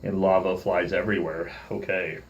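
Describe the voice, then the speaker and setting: A middle-aged man telling a story in a casual vlog, animated and irritated, playing both sides of an argument and calling himself by name in the third person. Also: low voice, moderate pace, muffled recording. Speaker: vlogger.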